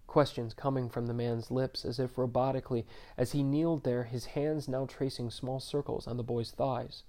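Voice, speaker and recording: A man narrating a story in a measured, subdued reading. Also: medium pitch, fairly even intonation, mellow.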